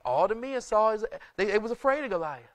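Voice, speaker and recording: Sing-song and high-pitched, a male pastor's brisk preaching relies on repeated rhetorical questions and call-and-response, broken by sudden shouts.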